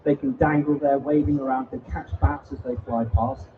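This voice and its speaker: A man's voice: medium pitch, level tone, moderate pace. A man presenting invertebrates to a family audience at a live show, joking and teasing the children theatrically. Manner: jokey, theatrical showman teasing the kids. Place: event hall before an audience. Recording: distant, dull live-stream sound with faint noise.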